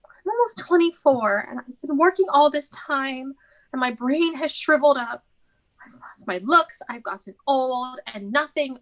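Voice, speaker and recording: A high, youthful voice belonging to a young woman playing a heartbroken girl nearing twenty-four who is sick of her dreary work. She speaks in anguished, tearful pleas, voicing a character in a stage drama. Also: fairly bright tone, poor audio. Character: despairing young woman, nearly 24, weary of her dull job.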